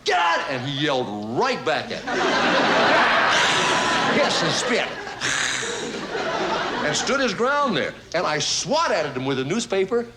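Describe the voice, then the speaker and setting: A man hosts a variety show, spinning a folksy comic monologue with drawn-out pauses and a lively, swinging pitch. A live studio audience laughs throughout. The television broadcast carries steady noise. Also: a loud crowd.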